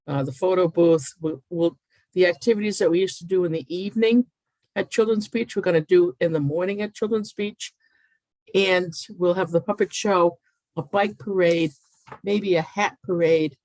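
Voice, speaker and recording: A woman presenting a plan at a public town meeting, working from her notes with frequent hesitant pauses. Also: fairly low pitch, darkish tone, dry recording, rough recording.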